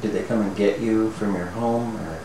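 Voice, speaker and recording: A man interviewing an older person for an oral history, asking gentle, short prompting questions. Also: fairly low pitch, steady tone, moderate pace, a crowd in the background. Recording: echoey distant mic with hiss.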